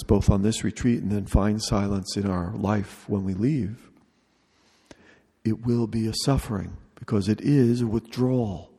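A man leading a retreat, speaking slowly and deliberately in short repeated phrases. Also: on the low side, creaky, mellow, slightly rough. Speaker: retreat leader. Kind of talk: retreat talk on prayer. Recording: long reverb of a large hall.

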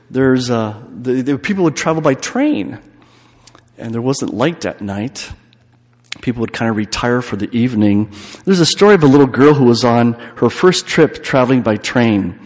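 Male priest, retreat homily, storytelling with repetition, mid-pitched voice, long church reverb. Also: a little mellow.

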